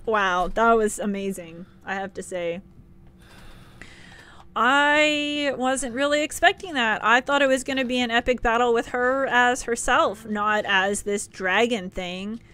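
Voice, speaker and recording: A woman streaming herself playing a horror game, giving excitable live commentary and shrieking and shouting at enemies. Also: a little high, a little slow, smooth. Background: game music.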